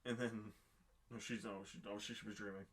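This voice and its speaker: A man's voice: lowish voice, steady tone, fairly quick, fairly bright tone. A man co-hosting a podcast, chiming in casually to fill in plot details. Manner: laid-back, chimes in to fill in plot details. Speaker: podcast co-host. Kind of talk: casual movie recap chat.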